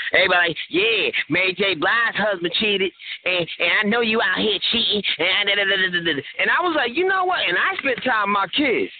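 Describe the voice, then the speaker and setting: High-voiced joking man on a phone line. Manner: joking, rambling, laughs often. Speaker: radio show co-host. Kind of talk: casual call-in radio banter. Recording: tinny phone line, faint noise.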